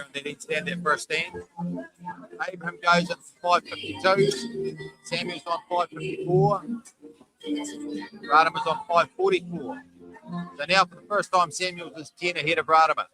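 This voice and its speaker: A man's voice: a little high, rough recording. A middle-aged man giving live, chatty sports commentary, tired after a long day and calling out running tallies. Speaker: shearing commentator. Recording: clear music behind the voice.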